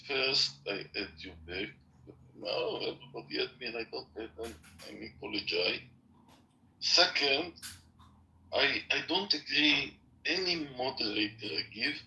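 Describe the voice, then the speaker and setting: Halting man hosting a live audio room. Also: medium pitch, lively intonation, gravelly, pushed and bright, echoey room, distant mic, low-quality recording. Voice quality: non-native phrasing, halting restarts. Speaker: room host.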